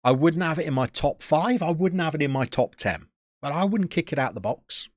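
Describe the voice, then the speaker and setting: A man streaming and bantering with his chat in a lively, bouncing voice. He sounds jokey and opinionated, and the sound is dry and close, with no room in it. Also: a little high, a little fast, no room sound. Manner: chatty, joking, opinionated banter. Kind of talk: casual chat answering live chat.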